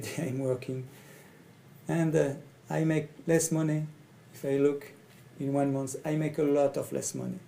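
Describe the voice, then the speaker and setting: A middle-aged man from France with a French accent, a coach speaking in halting English and often repeating his phrases. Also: medium pitch, creaky, dark tone, slight background noise, poor audio. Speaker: coach and facilitator. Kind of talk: speaking to camera about his training.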